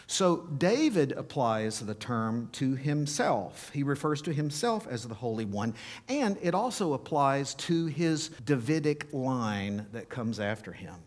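A man preaching a sermon, reading scripture aloud with feeling and emphasis, slowing for dramatic pauses. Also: mid-range voice.

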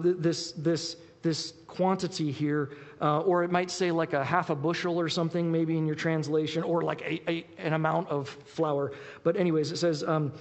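Fast-talking male pastor in an echoing hall. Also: a little high. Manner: quick, animated, with frequent restarts. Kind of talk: sermon with Bible reading. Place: warm church hall. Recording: reverberant hall.

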